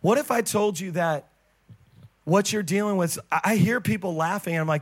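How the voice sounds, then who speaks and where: High-voiced fervent male preacher. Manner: fervent, swings between loud exclamations and quick asides. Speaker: pastor. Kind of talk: sermon.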